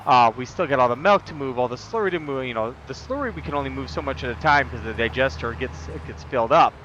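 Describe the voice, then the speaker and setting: A man's voice: mid-range voice, fast talker, a bit bright, lo-fi sound, slight background noise. A man streaming a farming game, chatting casually in a rambling, jokey way with lots of fillers. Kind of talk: casual gameplay chat.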